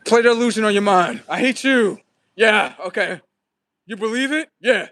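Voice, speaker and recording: Male livestream host, higher than usual voice, loose and profane, rambling and preachy. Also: expressive, normal speed, sharp tone, no echo. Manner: profane, rambling, talks back to viewers. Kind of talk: casual livestream monologue.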